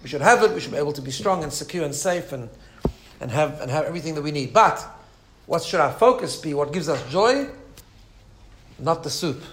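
A man teaching a religious lesson, telling a story with an animated manner and frequent asides. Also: on the high side, brisk, slight background noise.

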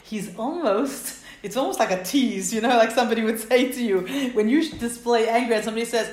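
A woman's voice: fairly high pitch, lively intonation, a little fast, darkish tone, a little hiss or hum. Woman, Torah teacher, earnest explaining, Hebrew verse quotes, echoey room. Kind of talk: text study lesson.

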